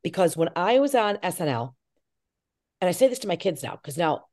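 A middle-aged woman with a low-set voice, chatting in an interview. Her pitch swings widely as she tells stories and slips into quoted voices. She talks with warmth and energy about her work. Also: a little fast. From Irish Catholic family. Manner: animated storyteller, acts out quoted voices. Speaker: actress and filmmaker. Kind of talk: interview chat.

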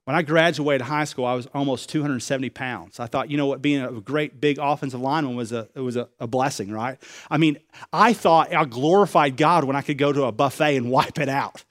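A man preaching a sermon, confessional and personal, acting out conversations, swinging between loud excited bursts and quiet low remarks. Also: fairly quick. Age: adult, married with young children. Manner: acts out dialogue in quoted voices. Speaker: pastor.

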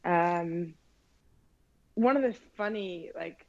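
A woman from the Scottish Highlands, speaking with that accent as an actress guest in a relaxed interview, laughing easily and letting phrases trail off softly. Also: takes it slowly, no room sound, muffled recording. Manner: easygoing, laughs often, soft trailing phrases. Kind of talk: casual interview chat. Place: remote from a home in New York.

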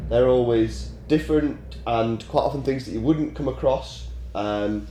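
A man with a head cold co-hosts a casual podcast, explaining things calmly and steadily. His voice is mellow and dark, and the recording has a roomy echo. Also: medium pitch, unhurried, slight background noise. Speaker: podcast co-host. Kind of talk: casual chat. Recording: roomy sound.

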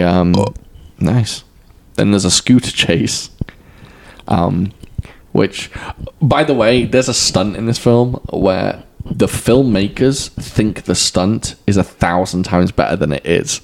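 A man's voice: sits low, a little slow, vocal fry. A man with a non-rhotic English accent talking casually and bluntly about films as a podcast co-host. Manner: blunt, candid, swears casually. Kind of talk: casual film chat.

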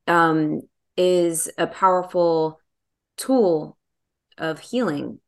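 Reflective woman podcast host, kinda low pitch, feels her way through words. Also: fairly even intonation, extremely slow, vocal fry. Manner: thoughtful, searching for words. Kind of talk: reflective interview conversation.

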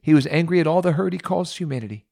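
A preacher retelling a Bible story in a sermon, dramatic and expressive, with pauses and emphatic repetition. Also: male voice, fairly high pitch, vocal fry.

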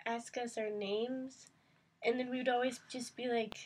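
A woman's voice: a little high, flat delivery, moderate pace, a little mellow, a little hiss or hum. A young woman co-hosting a podcast, teasing her co-host and laughing often in casual chat.

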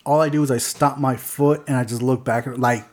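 A man's voice: medium pitch, steady tone, a little fast. A man co-hosting a podcast, chatting casually, rambling and laughing often as he restarts his sentences. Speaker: podcast co-host. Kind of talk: casual chat.

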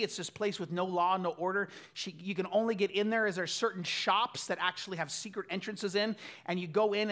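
A man in his thirties preaching a sermon, telling stories and swinging from loud bursts to quiet asides. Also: high voice. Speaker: pastor.

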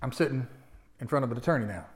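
A man in his forties preaching a sermon, moving from quiet personal storytelling to loud, impassioned exhortation. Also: mid-range voice, lively intonation, rapid-fire. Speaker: pastor.

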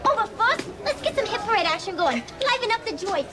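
Casting: a very high, bouncy young woman with a fake French accent, TV drama clip, music behind. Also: big pitch swings, fairly quick, a bit bright, full character voice. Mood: chirpy.

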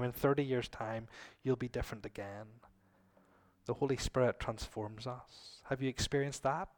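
A middle-aged man delivers a sermon with lively emphasis. He drops to quiet, low asides and then climbs back up to loud, emphatic lines. His voice sits in a middle pitch for a man. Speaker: preacher.

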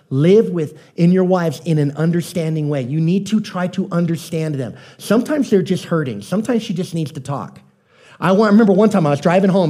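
A man's voice: fairly high pitch, warm tone. A man preaching a sermon in a conversational, joking storytelling way, often asking the congregation questions. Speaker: pastor.

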